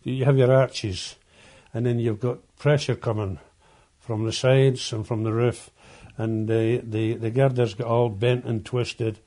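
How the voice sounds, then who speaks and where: An older man, a former coal miner, reminiscing in an oral history interview, halting and often repeating words as he tells his stories. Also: mid-range voice, level tone, dark tone.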